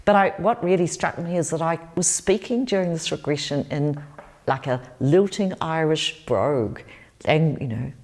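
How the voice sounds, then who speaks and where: A woman's voice: deep voice, animated, normal speed, a little mellow. A New Zealand woman, in her sixties, answering interview questions as a spiritual teacher, telling stories earnestly and repeating phrases.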